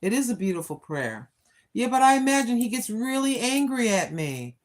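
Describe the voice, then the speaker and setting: A woman's voice: on the high side, big pitch swings, moderate pace. Chatty older woman on a phone stream. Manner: chatty, preachy, talks to herself. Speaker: live-stream host. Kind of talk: casual live-stream talk. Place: outdoors on a walk.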